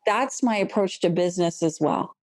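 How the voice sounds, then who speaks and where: A woman's voice: lowish voice, moderate pace, darkish tone. A woman accountant, a guest on a podcast, speaking boldly and forthrightly in casual chat. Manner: bold, forthright.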